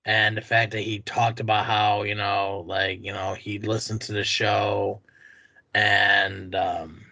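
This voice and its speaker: A man's voice: fairly low pitch, level tone, takes it slowly, vocal fry, pushed and bright, dry recording. A man hosting a podcast, rambling in casual, profane chat with many fillers. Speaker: podcast host.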